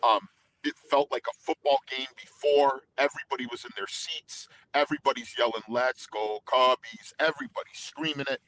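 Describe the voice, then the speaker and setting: A man's voice: mid-range voice, steady tone, normal speed, fairly bright tone, slight background noise, poor audio. A man, a singer being interviewed, talking openly and emotionally in rambling sentences with many restarts. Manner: emotional, rambling with restarts and quoted inner dialogue. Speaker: guest, anthem singer. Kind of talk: candid interview storytelling.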